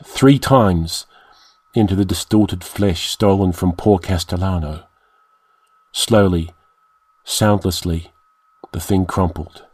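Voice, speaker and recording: Low-voiced man narrating a dark tale. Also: no room sound. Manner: measured, dramatic storytelling. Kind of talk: audiobook narration.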